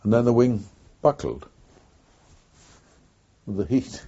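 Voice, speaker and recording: An older man, a former wartime pilot, recounting his memories in an oral history interview with an unhurried, reflective pace and frequent pauses. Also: mid-range voice, big pitch swings, creaky, warm tone, a little hiss or hum. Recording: dull lo-fi recording.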